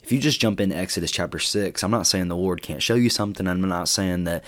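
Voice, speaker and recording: A youth pastor giving an earnest, conversational Bible teaching for a podcast. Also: male voice, low-pitched, fast talker. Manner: earnest, conversational, with fillers and restarts.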